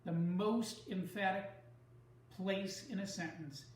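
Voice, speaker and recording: A man teaching a recorded online writing lesson, explaining step by step in a measured way and leaning on key words. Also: sits high, heavy reverb, recorded from a distance, slight background noise, poor audio.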